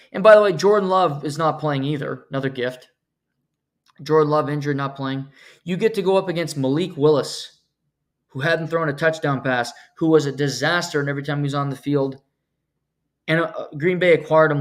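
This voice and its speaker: A man ranting on his own sports podcast, blunt and sarcastic. His voice sits a little high for a man, and he punches certain words with sudden emphasis. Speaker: podcast host. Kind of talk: solo sports podcast rant.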